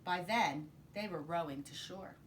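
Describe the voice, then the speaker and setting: A woman teacher reading a children's picture book aloud in an expressive, sing-song way. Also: on the low side, measured pace, slight background noise. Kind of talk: children's storybook read-aloud.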